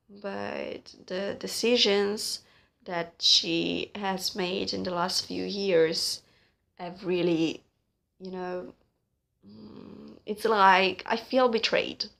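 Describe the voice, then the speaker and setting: A woman in her late twenties talking at home in an earnest, halting vlog monologue, full of pauses and fillers. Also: mid-range voice, steady tone, gravelly. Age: late 20s. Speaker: vlogger. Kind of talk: casual spoken monologue.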